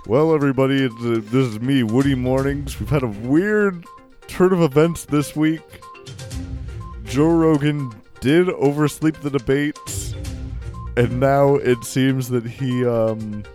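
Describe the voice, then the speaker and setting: A young man improvising a comedy sketch, excitable and exclaiming, laughing mid-line. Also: medium pitch, a little slow, soft background music.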